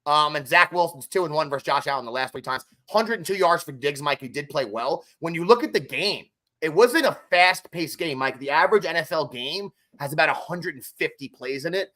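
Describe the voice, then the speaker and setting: A man's voice: fairly high pitch, animated, a little fast, bright, forceful tone. A man co-hosting a casual sports podcast, talking animatedly and often turning to his co-host by name.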